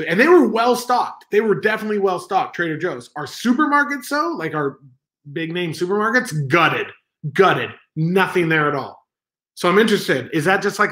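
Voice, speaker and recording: A man's voice: sits high, sharp tone. Rambling man chatting on a livestream. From Southern California. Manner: rambling, self-mocking, reads chat aloud. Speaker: livestream stand-in host. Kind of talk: casual live-stream chat. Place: home.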